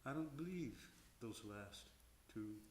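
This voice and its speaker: Slow, reflective older man in a roomy hall. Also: medium pitch, expressive, slight background noise. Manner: reflective, slow, sings short examples to illustrate. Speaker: veteran opera tenor and voice teacher. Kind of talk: stage Q&A talk on singing. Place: concert house stage.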